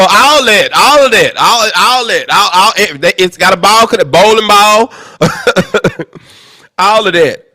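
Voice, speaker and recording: A young man hosting a livestream, chatting casually with viewers in a blunt, profane, exasperated way. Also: sits high. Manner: blunt and profane, loud and exasperated, swearing at tech trouble. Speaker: livestream host.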